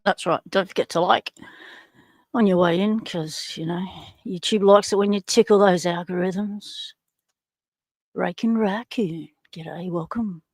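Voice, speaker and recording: A woman's voice: fairly low pitch, unhurried, darkish tone, no room sound, clean studio sound. Chatty Australian woman hosting a livestream. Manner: chatty, greets viewers by name. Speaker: livestream host. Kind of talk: casual livestream chat.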